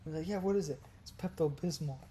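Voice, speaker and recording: A young man casually telling crude stories on a podcast, sliding from low mumbles into loud, animated outbursts. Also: fast, a little hiss or hum. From Brazil. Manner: animated, gets loud and laughing when telling wild stories. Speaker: podcast co-host. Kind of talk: casual storytelling chat.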